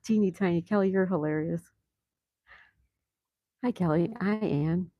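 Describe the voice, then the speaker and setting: A woman's voice: lowish voice, measured pace, no room sound, dull audio. A woman hosting a casual live stream, chatting and laughing as she greets viewers and answers their comments. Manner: laughs often. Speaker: livestream host. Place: home in Florida.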